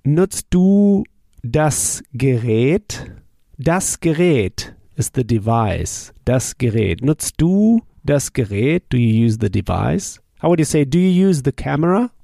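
A man leads a language drill. His voice is gravelly, low and mellow, and he repeats phrases slowly and patiently. The sound is dry and close, with no room echo. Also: sing-song. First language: German. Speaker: language teacher. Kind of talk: spoken language drill lesson.

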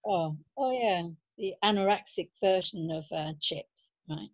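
A woman's voice: medium pitch, a little slow, no room sound. A woman chatting on a podcast, asking lots of questions in a teasing, slightly hesitant way. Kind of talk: casual chat.

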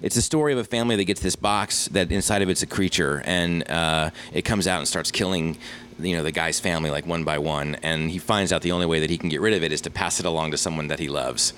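A man's voice: sits low, fast, fairly bright tone, a little hiss or hum. A man talking as a guest in a casual interview, rambling with many restarts and fillers. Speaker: guest filmmaker.

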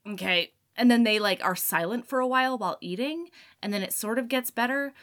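A woman hosting a casual chat, retelling a story with lively asides and quick character voices. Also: on the high side. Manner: animated storyteller acting out characters' lines. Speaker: podcast host recapping a book.

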